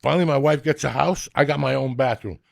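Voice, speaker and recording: A middle-aged man, telling crude comic stories in a loud, profane, animated way. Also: mid-range voice, fast talker, vocal fry, no room sound, clean studio sound. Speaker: comedian and podcast host.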